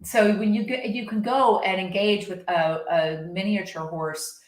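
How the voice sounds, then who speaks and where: A woman's voice: mid-range voice, steady tone, a little slow, echoey room, poor audio. A woman coaching in a casual, rambling monologue, full of restarts. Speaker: horse-based coach.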